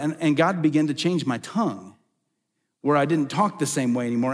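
A middle-aged male pastor preaching a sermon, emphatic, with repeated phrases and rhetorical questions. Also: a little high. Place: church sanctuary. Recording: long reverb of a large hall.

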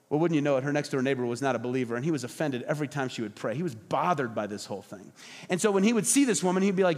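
A man's voice: a little high, rapid-fire, a little mellow, big-room sound. A man, a pastor, preaching a sermon and telling stories, acting out the voices in the quotes. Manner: storytelling, acts out voices in quotes.

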